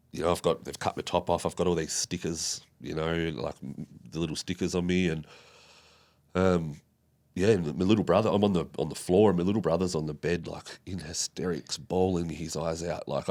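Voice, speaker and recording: Deep-voiced Australian man telling his story. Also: darkish tone. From Tasmania, Australia. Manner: halting, many fillers and restarts. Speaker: podcast guest. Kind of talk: recounting a personal story.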